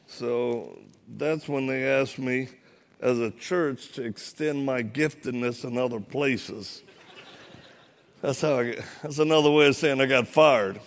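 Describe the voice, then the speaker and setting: A man preaching in a church with a gravelly, creaky edge to his voice. He tells stories with humor and acts out the voices of the people in them. His pitch sits in the ordinary middle range for a man. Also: moderate pace. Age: adult, former Marine. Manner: humorous, animated storytelling with acted-out dialogue. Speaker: guest preacher. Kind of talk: storytelling sermon. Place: church, live audience.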